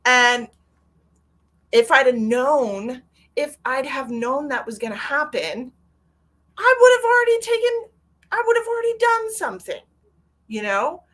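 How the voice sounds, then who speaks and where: A woman's voice: sits high, very animated, measured pace, long pauses, fairly bright tone. A middle-aged woman hosting a livestream, chatting candidly and emotionally, swearing freely and reading out viewer comments. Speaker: psychic medium livestream host. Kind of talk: casual livestream chat.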